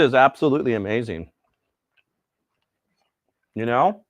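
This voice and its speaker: A man's voice: lowish voice, normal speed, no echo. Chatty man, very dry close sound. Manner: enthusiastic, chatty, storytelling with voices. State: tired from staying up late. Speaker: cooking live streamer. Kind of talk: casual live stream chat.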